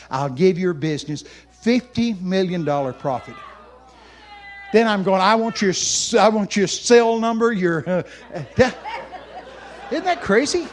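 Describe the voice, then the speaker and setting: A man preaching at a camp meeting with a fairly high voice. He tells his story with great animation, sometimes breaking into shouts and laughter. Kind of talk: storytelling sermon.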